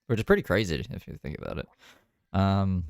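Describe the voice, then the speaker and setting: A man's voice: low voice, sing-song, a little fast, vocal fry, smooth, dry recording. A man chatting casually on a live stream, rambling and swearing with laughing asides. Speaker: streamer reacting to another creator's live.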